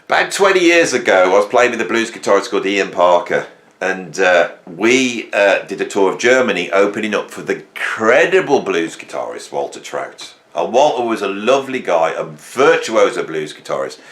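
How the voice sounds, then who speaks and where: A man's voice: deep voice, sing-song, normal speed, a bit bright. A man from England hosting a rambling comic monologue, joking and telling stories with sudden jumps in his voice. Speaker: host.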